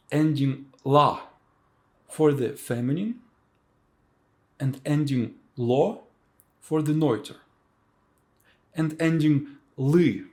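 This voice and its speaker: A man teaching a language lesson, saying each word slowly and repeating it for learners to copy. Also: on the high side, darkish tone. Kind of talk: slow spoken language lesson.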